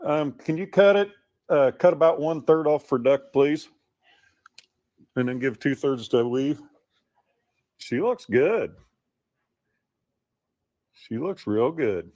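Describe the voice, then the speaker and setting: A man's voice: on the high side, lively intonation, slow pace, pauses often, a little mellow, highs cut off. A man filming a casual home video, cooing at his pet in doting baby talk.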